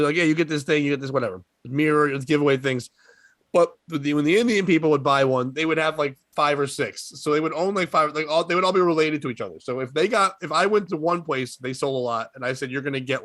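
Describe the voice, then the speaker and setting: A man's voice: a little high, fairly bright tone, dry recording. A young adult man telling rambling, profane comedic stories in casual chat, laughing often. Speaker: podcast guest storyteller.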